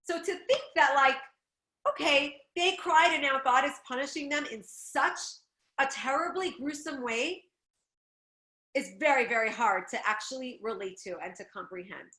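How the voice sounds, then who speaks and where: A woman giving a Torah class, telling the story with lively, expressive delivery and acting out the people she quotes. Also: sits high, moderate pace, reverberant. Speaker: Torah teacher.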